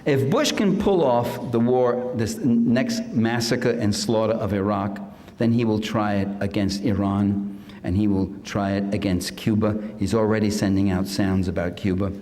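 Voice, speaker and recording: A man's voice: fairly low pitch, steady tone, moderate pace, warm tone, long reverb tail. An older man giving a public lecture in a sardonic, mocking manner, sometimes putting on comic voices. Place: lecture hall.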